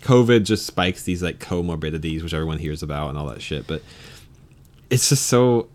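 A man in casual chat, telling stories in an animated, profane way. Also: rumbling low, moderate pace.

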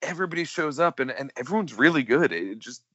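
A man co-hosting a casual film podcast, enthusiastic and quick to laugh, going over his notes. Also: on the high side, expressive, sharp tone, dry recording, muffled recording. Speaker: podcast co-host.

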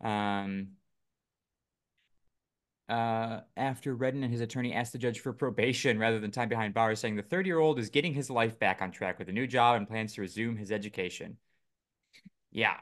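A man's voice: on the low side, normal speed, a bit bright. A man co-hosting a casual podcast, reading news items aloud with lots of fillers and joking asides. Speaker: podcast co-host. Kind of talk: casual chat.

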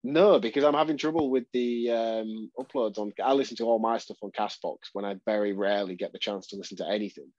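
An Englishman co-hosting a podcast from afar, laid-back and swearing casually in relaxed chat. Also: lowish voice, fast, hardly any pauses, no room sound. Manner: laid-back, swearing, calls others "man". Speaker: podcast co-host. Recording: dull dry remote audio.

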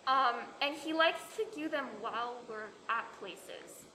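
A young woman co-hosting a casual podcast chat, talkative and self-mocking with quick asides. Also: high-pitched, bright, forceful tone. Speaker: podcast co-host. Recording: echoey room with clear background noise.

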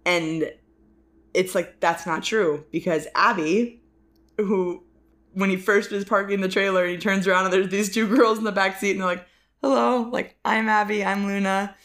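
Rambling woman podcast co-host, mid pitch. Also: steady tone, fairly bright tone. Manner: rambling, many fillers and restarts, quick bursts. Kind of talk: casual film discussion.

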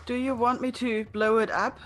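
A woman's voice: fairly high pitch, level tone, moderate pace, soft background music. A woman player in a tabletop game, arguing back in character. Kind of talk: tabletop game role-play.

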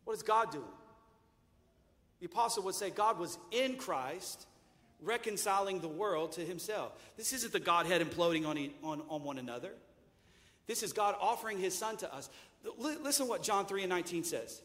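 A man preaching a sermon emphatically, firing rhetorical questions and rising to shouts. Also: high-pitched, animated, moderate pace, big-room sound.

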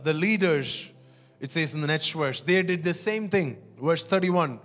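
Earnest preacher, higher-voiced man. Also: a bit bright. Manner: earnest, emphatic, repeats words, asks the congregation questions. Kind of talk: sermon.

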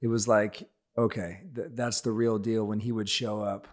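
A man's voice: lowish voice, flat delivery, normal speed, darkish tone. A man hosting a podcast, chiming in with short questions and asides in casual chat. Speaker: podcast host.

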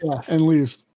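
A mid-pitched podcast co-host telling a movie scene by scene, laid-back and profane with frequent laughs. The voice is close and dry, with no room around it. The flow is easy and conversational. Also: slightly rough, dry recording. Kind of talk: casual movie-review chat.

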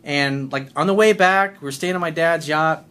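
A man's voice: on the high side, moderate pace, bright, forceful tone, clear, resonant tone. A man working as a life coach, delivering a blunt, combative rant to camera, swearing constantly.

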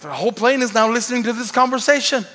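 Swedish man preaching, high bright voice, animated storytelling, reverberant church hall. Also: fast. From Sweden. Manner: animated, self-mocking humor, acts out voices. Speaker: pastor. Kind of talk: storytelling sermon.

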